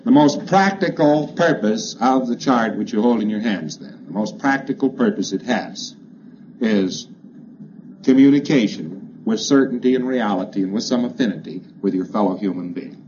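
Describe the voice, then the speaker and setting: A man giving a plainspoken, emphatic lecture to a congress, repeating phrases that trail off quieter each time. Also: lowish voice, moderate pace. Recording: dull, hissy old lecture recording.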